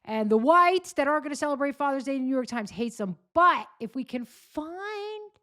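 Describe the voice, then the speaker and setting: A woman's voice: high-pitched, lively intonation, normal speed, sharp tone, no room sound. Sarcastic woman rambling on dry mic. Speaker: podcast host. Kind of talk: casual commentary.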